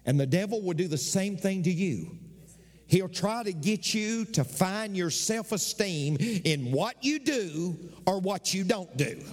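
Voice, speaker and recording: A middle-aged man preaching a sermon as pastor, swinging from shouts down to whispers. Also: high voice, big-room sound.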